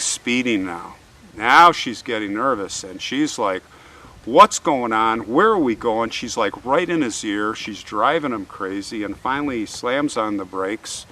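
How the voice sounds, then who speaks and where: Lowish male voice telling a crime story. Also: distant mic. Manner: animated, conversational, acts out quotes. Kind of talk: casual storytelling narration.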